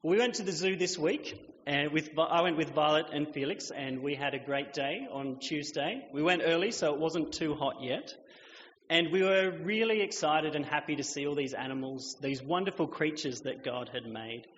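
A man in his thirties, a pastor telling a lively story in his sermon and acting out children's voices, recorded in a church. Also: a little high, normal speed, slight background noise. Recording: echoey hall, dull lo-fi sound.

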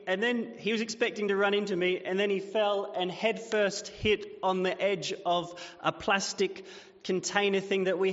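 A pastor in his thirties preaches a sermon, telling stories in an animated way. His voice sits fairly high for a man. The sound is dull and rings with a long hall reverb. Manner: storytelling, animated.

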